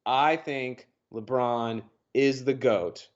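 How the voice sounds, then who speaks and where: A man's voice: mid-range voice, extremely slow. Easygoing male podcast producer, dull sound. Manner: easygoing, joking asides. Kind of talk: casual podcast chat.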